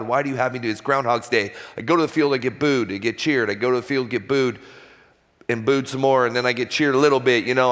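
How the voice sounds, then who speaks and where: A man in his forties, a former baseball pitcher, sharing a candid, self-deprecating personal story as a guest speaker at a church. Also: a bit bright, long reverb tail. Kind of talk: personal testimony talk in church. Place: church auditorium stage.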